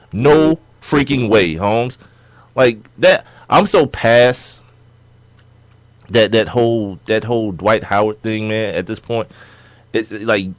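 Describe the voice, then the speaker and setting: A young man co-hosting a sports podcast in casual chat, animated and laughing as he argues his points. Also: lowish voice, dry recording. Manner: animated, laughing, acts out players' quotes.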